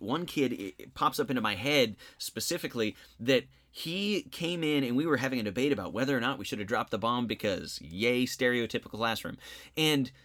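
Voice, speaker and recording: A man's voice: medium pitch, a bit bright. A man who teaches social studies, with a slight Southeast Missouri twang, talking casually about teaching and telling classroom stories. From grew up all over as a military child. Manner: conversational, storytelling with asides.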